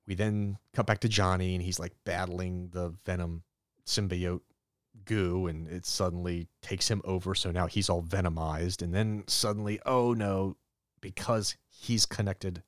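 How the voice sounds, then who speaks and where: A man with a low, deep voice talks casually through a comic recap as a solo podcast host. He rambles a little and drops quick voiced lines for the characters. The sound is close and dry, with no room around it. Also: no echo.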